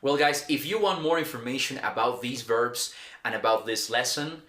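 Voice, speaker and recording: A man's voice: mid-range voice, normal speed, a bit bright. A man teaching an online English pronunciation lesson. He is upbeat and encouraging, talks straight to his viewers, and stretches and repeats sounds to show them.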